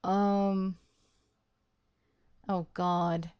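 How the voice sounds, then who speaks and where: A woman's voice: lowish voice, little pitch movement, very slow, smooth, no room sound, muffled recording. A woman giving casual, chatty, self-deprecating commentary while playing a story game. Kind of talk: casual let's-play commentary.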